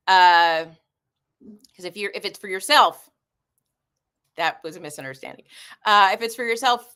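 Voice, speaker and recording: A woman's voice: medium pitch, pushed and bright. A woman in her forties hosting a casual livestream, chatting and reading viewer comments aloud. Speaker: livestream host.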